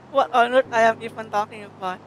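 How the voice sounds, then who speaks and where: A woman streamer, chatting casually while reading a game, giggly and halting in her English. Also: on the high side, faint music behind. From Indonesia. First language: Indonesian.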